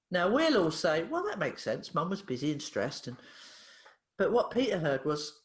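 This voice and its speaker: A woman's voice: lowish voice, sing-song, normal speed. Lady chatting away, big swoopy voice, acts out the people in her stories, echoey room. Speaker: therapist and author, guest. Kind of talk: casual storytelling interview.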